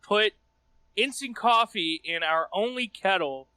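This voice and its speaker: A man's voice: high-pitched, expressive, measured pace, pushed and bright, no room sound. A young man who is a podcast regular, speaking emphatically and dramatically, with swearing, over a call. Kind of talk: casual chat.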